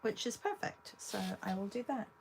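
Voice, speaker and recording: A woman with an English accent, hosting an art livestream, chatting casually with viewers while she paints and pausing often. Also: on the high side, big pitch swings, darkish tone, slight background noise. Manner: chatty, talks to viewers between long pauses.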